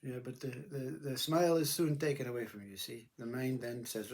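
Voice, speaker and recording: A man's voice: mid-range voice, steady tone, moderate pace, few pauses, darkish tone. A man giving a rambling philosophical monologue, with blunt earthy words, who keeps saying "you see" and "you know". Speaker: spiritual speaker.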